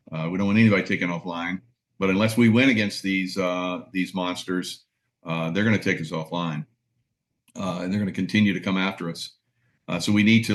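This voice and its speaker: Deep-voiced male host, halting casual delivery. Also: a bit bright. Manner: halting, many "uh" fillers. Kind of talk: casual chat.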